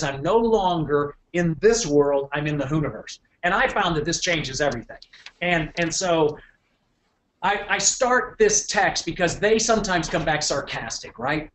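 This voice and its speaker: A middle-aged man giving a motivational business talk to an audience, animated, often repeating words and checking in with the room. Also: sits high, a little hiss or hum. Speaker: keynote speaker.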